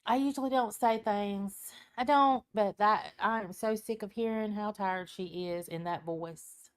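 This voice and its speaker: Slow-talking tired woman live-streamer. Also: mid-range voice, clean tone. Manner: chatty, greets viewers by name, frequent ums and laughs. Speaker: live-stream tarot reader. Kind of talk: casual live-stream chat. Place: at home at her computer with a small fan running. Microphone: computer mic.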